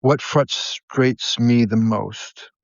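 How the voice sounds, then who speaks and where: Man, podiatrist guest, earnest animated storytelling, frequent restarts, dry close sound. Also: medium pitch, drawn-out words, gravelly, no room sound. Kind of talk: conversational storytelling interview. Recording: slightly muffled, dry.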